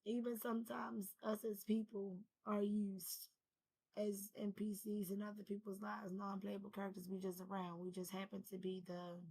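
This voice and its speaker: A woman's voice: mid-range voice, flat delivery, moderate pace, a little mellow, rough recording. A woman who is feeling unwell talks to her viewers in a loose, rambling way. Her voice stays mostly level, with little rise and fall. It sounds like a casual spiritual vlog. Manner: rambling, loose and conversational, addresses viewers as y'all. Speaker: spiritual vlogger. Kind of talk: casual spiritual talk to camera.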